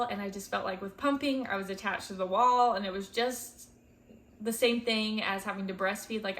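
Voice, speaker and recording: A woman's voice: mid-range voice, fairly bright tone. A woman in her twenties, a first-time mom, talking candidly and emotionally to camera in a chatty way with lots of "like" and "um". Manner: candid, emotional, close to tears at times; chatty, many fillers like "like" and "um". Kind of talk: casual talk to camera.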